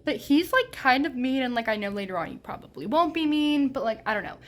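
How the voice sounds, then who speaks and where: A woman's voice: high-pitched, sing-song, fast talker. A young adult woman vlogging about books she is reading, rambling and gushing with lots of "like". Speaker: book vlogger. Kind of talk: casual reading vlog chat. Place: home room, bad sound.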